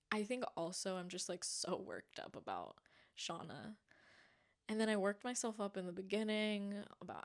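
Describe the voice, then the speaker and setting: A young woman rambling excitably in a casual vlog, pleading and getting winded and lightheaded. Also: mid-range voice. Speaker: vlogger. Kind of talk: casual monthly wrap-up vlog.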